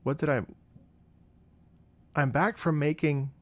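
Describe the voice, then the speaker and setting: A young man on a casual livestream, rambling through anecdotes and breaking into loud laughter. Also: a little high, steady tone, takes it slowly, dry recording. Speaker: streamer reacting to game music. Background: game music playing.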